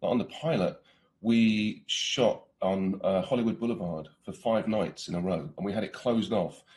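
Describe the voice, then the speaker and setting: A man's voice: fairly low pitch, normal speed, darkish tone. A British man in his forties, an actor chatting casually in an interview, laughing often and restarting his sentences.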